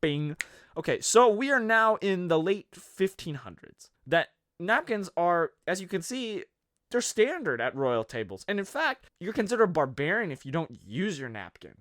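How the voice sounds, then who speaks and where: Man, comedic narration, sarcastic, rambling asides, animated swooping pitch, dry close sound. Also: moderate pace, no echo. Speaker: video host.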